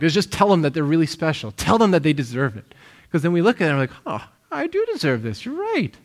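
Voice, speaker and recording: A man as pastor, giving a casual, animated sermon with frequent restarts and loud and quiet swings. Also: high-pitched. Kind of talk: conversational sermon.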